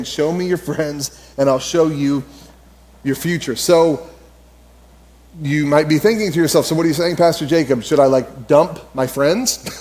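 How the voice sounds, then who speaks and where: A man in his thirties, a pastor preaching a sermon in a conversational, animated way with quoted asides. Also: on the high side.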